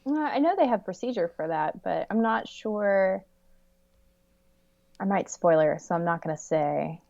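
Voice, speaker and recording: A woman's voice: medium pitch, lively intonation, a little slow, gravelly, darkish tone, no room sound. A woman guesting on a podcast, chatting animatedly with frequent laughs and hedging fillers. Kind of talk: casual chat. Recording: slightly dull lo-fi audio.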